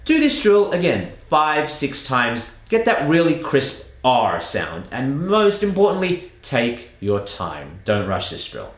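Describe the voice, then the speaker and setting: Australian male accent coach, patient and emphatic, very lively intonation, echoey room. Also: mid-range voice, slow, few pauses. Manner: patient, emphatic, drawing out key words. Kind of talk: instructional lesson with spoken demonstrations.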